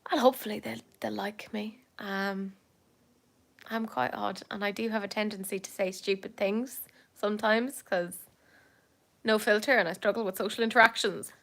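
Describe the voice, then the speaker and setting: A woman's voice: mid-range voice, steady tone, normal speed, vocal fry, a bit bright. A young Irish woman chatting casually with her viewers, rambling with fillers, laughing often and poking fun at herself. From Ireland. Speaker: livestream host chatting with viewers. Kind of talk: casual chat.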